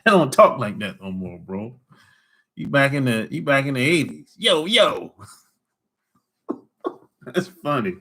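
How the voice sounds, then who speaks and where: A man's voice: medium pitch, big pitch swings, normal speed, a bit bright. A man hosting a casual livestream, teasing callers in loose slang and laughing often. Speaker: livestream host talking with callers. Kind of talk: casual chat.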